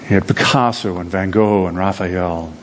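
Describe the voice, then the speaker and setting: Low-voiced pastor telling a story. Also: male voice, normal speed, slight background noise. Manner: conversational, repeats words, animated. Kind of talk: sermon storytelling.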